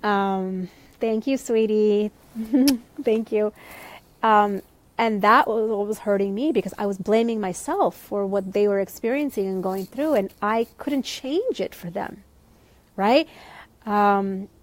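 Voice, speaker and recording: A woman life coach in a conversational, reflective live-stream talk, gently reassuring viewers and using many fillers. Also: mid-range voice, slow.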